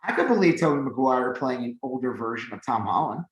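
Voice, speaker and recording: A medium-pitched man co-hosting a podcast talks briskly and casually, rambling with lots of fillers and growing animated when excited. The audio is dull and echoey, with background noise.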